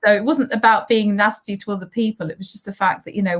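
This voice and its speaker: A woman hosts a live online conversation. She is encouraging and affectionate with her guest and thanks her viewers for their comments. Her voice sits in a middling pitch. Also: quick pace, hardly any pauses. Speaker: host. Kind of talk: online interview chat.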